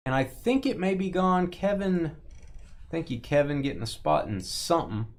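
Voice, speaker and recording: A man's voice: fairly high pitch, expressive, normal speed. A man hosting a live sports card break stream, chatting and joking with viewers and greeting them by name. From Texas.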